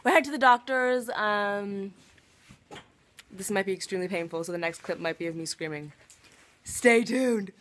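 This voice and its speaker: A woman's voice: mid-range voice, moderate pace, pauses often, fairly bright tone. A young woman from Canada vlogging casually to a handheld camera, playful and self-mocking. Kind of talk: casual vlog chat to camera. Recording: busy crowd and street noise around.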